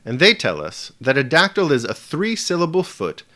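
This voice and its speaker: A man presenting a scripted video lesson with a measured, emphatic delivery. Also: on the high side, huge pitch swings, pushed and bright. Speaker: teacher.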